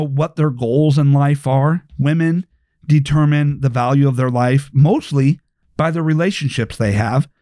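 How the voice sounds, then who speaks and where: A man's voice: a little high, darkish tone, dry recording, clean studio sound. Provocative man lecturing on a podcast. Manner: provocative, lecturing, asks rhetorical questions. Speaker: podcast host. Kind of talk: opinionated podcast monologue.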